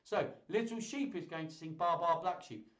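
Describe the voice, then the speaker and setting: A man hosts a live-streamed children's music show, chatting playfully with toys and viewers between songs in a kids' singalong format. His voice is on the high side and fairly bright, at normal speed, in an echoey room.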